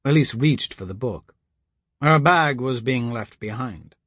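A man reading a children's adventure story aloud in an even, steady storytelling manner. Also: medium pitch, unhurried, slightly rough, no room sound. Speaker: narrator. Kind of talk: audiobook narration.

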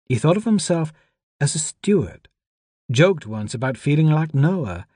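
A tearful young woman, grief just under the surface, as a male narrator puts her on. Her voice sits higher and rises when she is upset, soft yet urgent. The sound is close and dry. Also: sing-song, a little slow, slightly rough, dry recording, exaggerated voice. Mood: earnest.

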